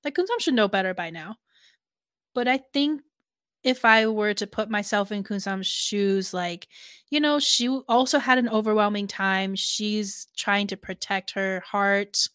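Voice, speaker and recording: A woman breaks down a drama episode with a friend, animated and swearing freely. Her voice sits mid-range and she laughs often. The recording is close and dry. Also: mid-range voice, measured pace, clear, resonant tone, no room sound. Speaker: show recap co-host. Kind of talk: casual chat.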